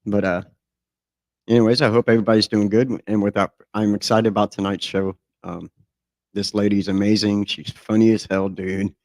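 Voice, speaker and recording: Gravelly, crude-talking male podcast host. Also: fairly low pitch, flat delivery, normal speed, a little mellow, no room sound. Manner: profane, joking, loose fillers. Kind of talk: casual, crude chat.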